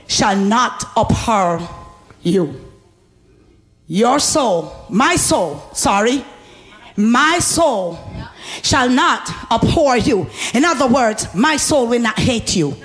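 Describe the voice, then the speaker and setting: High-voiced woman preaching with fervor. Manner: exuberant, shouting, laughing, call-and-response. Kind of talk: sermon.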